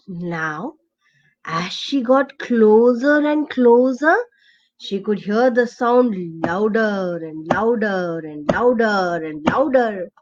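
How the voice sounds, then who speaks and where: Woman storyteller, expressive children's tale, slow delivery, muffled lo-fi audio. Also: medium pitch. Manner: expressive, asks the listener questions. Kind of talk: children's story read-aloud.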